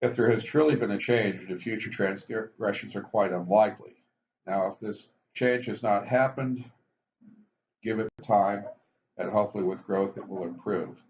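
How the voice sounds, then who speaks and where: A man with a low voice gives a measured lecture on the steps of recovery and puts weight on each heading. The recording sounds dull and lo-fi, with faint hiss behind him. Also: fairly even intonation, darkish tone. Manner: measured, explanatory, stresses step headings. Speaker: physician teaching addiction recovery.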